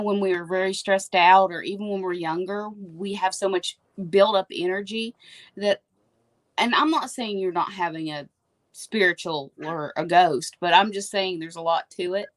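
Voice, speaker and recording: A woman's voice: medium pitch, low-quality recording. A woman co-hosting a casual live stream, chatty, telling stories to viewers. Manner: chatty, storytelling. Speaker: co-host.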